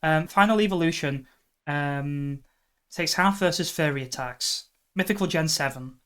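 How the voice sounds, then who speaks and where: Woman streamer, lowish voice, muttering guesses aloud, sudden exasperated outbursts. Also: normal speed, clean tone. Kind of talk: live stream chat while gaming.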